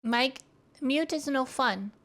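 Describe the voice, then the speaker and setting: A woman streaming from home and chatting to her viewers. She talks slowly and loosely in a fairly high voice, rambling and restarting her sentences. She sits close to a studio mic. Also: fairly bright tone. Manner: rambling, playful, trails off and restarts. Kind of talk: casual chat.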